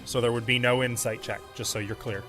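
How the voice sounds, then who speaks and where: A man's voice: medium pitch, steady tone, a little fast, over music. A man acting as game master, patiently explaining the rules to his players. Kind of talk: running a tabletop game.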